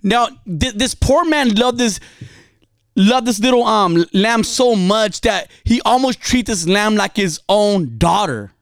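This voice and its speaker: A man preaches in a casual, dramatic storytelling style. His voice rises and falls widely, dropping low for confession and climbing high to urge. It is recorded close and dry, with no room echo. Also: expressive, slow, creaky. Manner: dramatic storytelling, confessional, swings from quiet to fiery. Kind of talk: impassioned spoken sermon.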